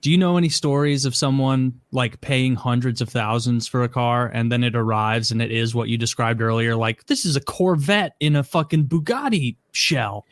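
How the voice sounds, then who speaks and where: A man's voice: mid-range voice, normal speed, few pauses, dry recording. Man, podcast host, casual, curious questions, dry close sound. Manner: curious, asks probing questions.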